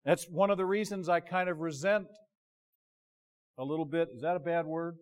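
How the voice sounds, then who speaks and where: A man preaching in a notably high, bright-sounding voice. He talks to the congregation like a friend, stumbling over restarts and pulling his voice down low when he wants a point to land. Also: moderate pace. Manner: conversational, self-interrupting, drops to quiet emphasis. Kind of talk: sermon.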